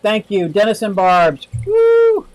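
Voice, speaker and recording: High-voiced chatty man on a livestream. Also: moderate pace, no room sound, low-quality recording. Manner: chatty and rambling, laughs often. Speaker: aquarium livestream host. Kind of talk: casual livestream chat reading viewer comments.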